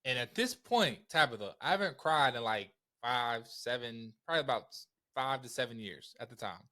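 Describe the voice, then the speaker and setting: Guy on a podcast telling his story, bright punchy voice, casual slangy, keeps acting out what people said. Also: mid-range voice, normal speed. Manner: animated, slangy, acts out quotes, laughs often. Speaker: podcast guest, entrepreneur.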